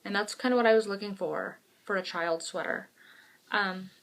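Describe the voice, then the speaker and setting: Speaking at a moderate pace in a creaky, mid-range voice, a woman co-hosts a podcast. She's an animated, chatty storyteller who is frank and pokes fun at herself.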